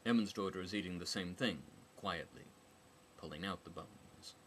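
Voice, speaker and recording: A man's voice: deep voice, normal speed, slight background noise. A man narrating a novel as an audiobook, with a dry, wry delivery.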